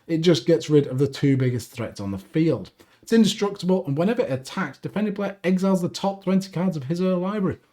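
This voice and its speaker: A deck review host casually talks through his favorite cards, reading their rules aloud and reacting with upbeat, self-deprecating asides. He speaks fast and animated, his pitch swinging widely, with a chatty tone like a regular host of his own show.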